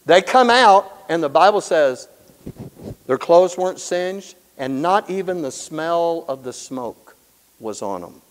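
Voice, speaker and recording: A man teaching the Bible in an animated storytelling way, acting out the characters and chuckling often. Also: a little high, takes it slowly, long reverb tail, low-quality recording.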